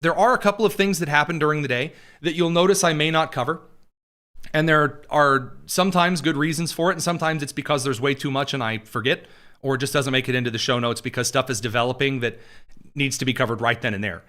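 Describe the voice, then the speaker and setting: A man's voice: mid-range voice, fairly even intonation, fast talker, sharp tone. A man hosting a political show, chatting casually and bluntly with viewers, digressive with frequent restarts. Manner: blunt and opinionated. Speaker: political commentary show host answering viewer questions. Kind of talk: casual livestream chat.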